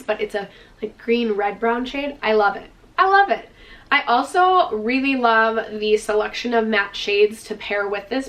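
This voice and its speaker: Reviewing a makeup palette on her vlog, a woman with a slightly high, fairly bright voice raves with enthusiasm, using "like" and "freaking" constantly. She's breathless and dry-throated, and her voice sounds somewhat far off since she's seated back from the mic.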